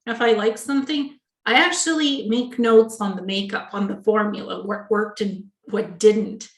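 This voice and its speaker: A woman's voice: medium pitch, steady tone, normal speed. A woman chatting casually in an interview, telling family anecdotes and acting out quoted dialogue. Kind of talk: casual video-call interview. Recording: echoey room.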